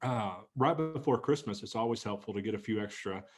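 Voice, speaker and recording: A man's voice: lowish voice, a little fast, soft background music. Upbeat joking man hosting a podcast. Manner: upbeat, joking, steers the talk. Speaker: podcast co-host, pastor. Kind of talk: casual podcast chat.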